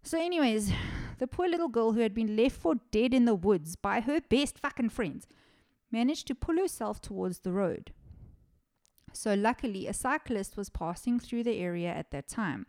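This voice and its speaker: This podcast host is a woman whose slightly high voice has a somewhat mellow quality and a lively, varied intonation at normal speed. Chatty and casual, she recounts a true-crime story, curses frequently, and chuckles at her own sarcastic comments.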